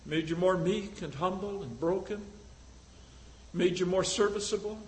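A man preaching a sermon, swinging between loud exhortation and hushed questions. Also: high voice, normal speed, poor audio.

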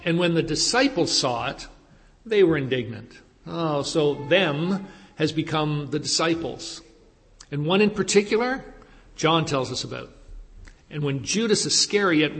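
A man preaching a sermon in a slightly higher voice than most men. He presses his point with rhetorical questions and emphasis, and his voice rings with a long reverb from a large hall. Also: vocal fry, a bit bright. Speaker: pastor.

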